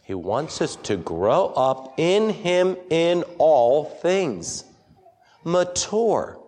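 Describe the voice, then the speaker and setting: A man's voice: a little high, sing-song, drawn-out words, a little mellow. A man preaching an interactive sermon to a congregation, asking them questions and reading scripture aloud. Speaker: pastor.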